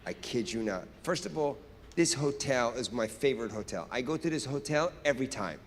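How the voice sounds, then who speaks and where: A man doing stand-up, telling a story in an animated, profane way and acting out scenes on stage. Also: medium pitch, a little fast, a little hiss or hum. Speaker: stand-up comedian. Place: stage in a large hall. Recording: echoey hall with reverb.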